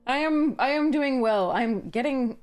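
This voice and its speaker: A woman's voice: high-pitched, animated, measured pace. A woman in a casual live stream, thinking aloud about card picks and chatting with viewers, a little tired. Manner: chatty, thinks aloud, greets chat warmly. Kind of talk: casual live-stream chat while drafting cards.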